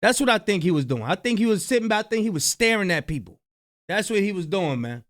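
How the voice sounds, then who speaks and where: A man from New Jersey hosting a reaction channel, giving animated, slangy commentary on clips and repeating his points. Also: sits high, fast talker.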